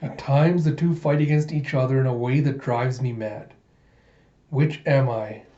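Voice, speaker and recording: A man's voice: mid-range voice, steady tone, a little slow, mellow, close to an everyday voice. A man voicing a blunt young female cyborg warrior in a manga readthrough, in his plain reading voice. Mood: reflective. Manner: plain reading voice, barely changed. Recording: muffled, roomy home recording.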